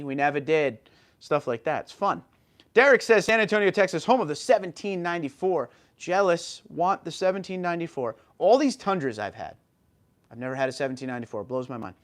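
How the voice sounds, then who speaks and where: A man hosting a casual livestream, reading viewer comments aloud and answering them in an upbeat way. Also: on the high side. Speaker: livestream host.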